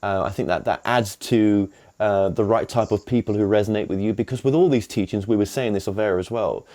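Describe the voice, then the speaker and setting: A man's voice: on the low side, fairly quick, warm tone. A man hosting an interview, rambling a little with frequent restarts. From England. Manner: rambling, many restarts and fillers. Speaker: host. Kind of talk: interview host chat.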